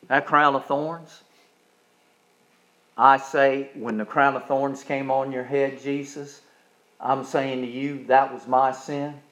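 A male pastor preaching a sermon, swinging from soft, low passages up to loud, high-pitched climaxes. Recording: dull lo-fi recording.

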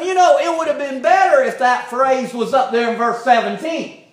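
A man preaching a sermon, slow and emphatic, climbing higher when he presses a point. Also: big pitch swings.

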